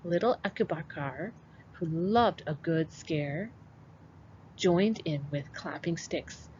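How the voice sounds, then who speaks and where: A kindergarten teacher, a woman, reading a picture book aloud to children and walking them through it in an expressive way. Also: fairly low pitch, takes it slowly. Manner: expressive, animated read-aloud. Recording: dull lo-fi with faint hiss.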